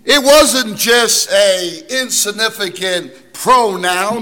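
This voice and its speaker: A man's voice: high-pitched, unhurried, few pauses, long reverb tail. A man preaching a sermon to a congregation, emphatic and calling out for amens as he explains scripture. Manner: emphatic, calls for amens, rising to shouts.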